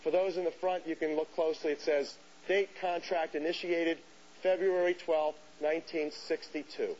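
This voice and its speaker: A man giving a lecture to an audience, telling a story in an animated way and acting out the voices of people he quotes. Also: fairly high pitch, moderate pace. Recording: dull hissy lecture recording.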